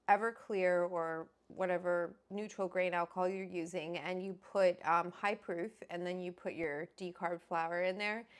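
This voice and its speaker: A woman hosting a casual livestream, chatty and rambling as she greets viewers by name. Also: fairly low pitch. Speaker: host.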